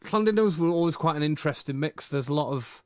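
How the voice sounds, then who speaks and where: A man's voice: a little high, animated, quick pace, no echo, studio quality. A man co-hosting a podcast, telling a story in a casual, rambling way with fillers. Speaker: podcast co-host. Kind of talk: casual chat, anecdote.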